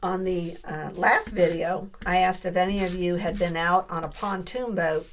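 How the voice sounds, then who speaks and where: A woman's voice: on the low side, steady tone, moderate pace, slight background noise. A middle-aged woman chatting casually through a crafting tutorial, thinking aloud as she works and asking her viewers questions. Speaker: papercraft vlogger.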